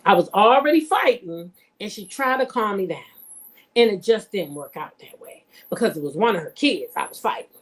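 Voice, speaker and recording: A woman's voice: medium pitch, animated, moderate pace. A woman vlogger telling stories and commenting in a blunt, profane, emphatic way while talking straight to her viewers. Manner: addresses viewers directly. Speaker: vlogger reacting to reality TV. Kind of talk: casual storytelling commentary.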